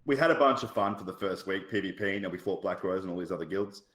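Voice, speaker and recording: A man's voice: deep voice, quick pace, a bit bright. A man from Australia, telling a rambling story as a podcast guest, full of fillers and asides. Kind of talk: casual storytelling chat. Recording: roomy echo.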